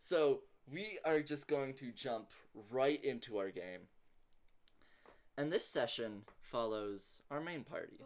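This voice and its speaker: Slow, easygoing male game master for a tabletop game on a voice call, mid pitch, rambling delivery with a chuckle here and there. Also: animated. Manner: laid-back, rambling, chuckles often. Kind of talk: running a tabletop game online.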